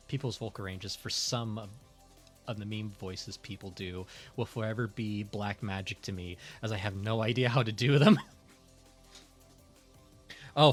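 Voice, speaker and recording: A male streamer chats loosely while he draws, rambling along with plenty of fillers and frequent laughter. His voice sits on the lower side. Soft music plays faintly in the background. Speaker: streamer and artist. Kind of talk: casual chat while drawing on stream.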